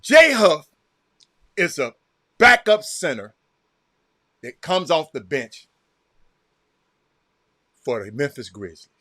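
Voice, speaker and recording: A man with a Southern American accent hosting a casual livestream, reacting loudly to a game and calling out viewers by name. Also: on the high side, slow, long pauses, no room sound, studio quality. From Texas. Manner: excitable, reacts loudly to a game while chatting; addresses viewers by name, repeats himself. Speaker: livestream host. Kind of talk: casual chat with live viewers.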